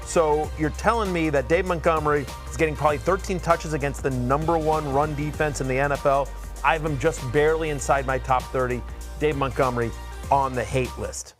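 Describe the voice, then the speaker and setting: A man hosting a sports show, chatty and animated, talking in quick bursts. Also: fairly high pitch, soft background music. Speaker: host. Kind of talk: casual sports podcast chat.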